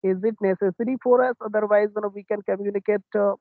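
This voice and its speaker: A man's voice: sits high, steady tone, quick pace, dry recording. A man with an Indian accent, hesitantly asking questions in a casual English practice conversation. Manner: hesitant, many filler uhs, agreeable. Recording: tinny, phone-like, dry.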